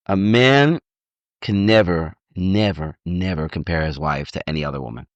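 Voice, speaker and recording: A man giving an informal lecture as a rabbi, animated and repetitive, often acting out little dialogues, on a dull, dry recording. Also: low voice, normal speed, no room sound. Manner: animated, repeats words, acts out dialogue. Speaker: rabbi teaching on marriage. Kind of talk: informal lecture with audience questions.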